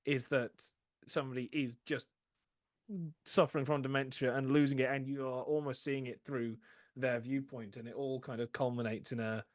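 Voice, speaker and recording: Male co-host, film chat, halting delivery with lots of restarts, dry close mic. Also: mid-range voice, little pitch movement, no room sound. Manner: hesitant, many restarts, acts out quotes. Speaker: podcast co-host. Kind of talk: casual film discussion.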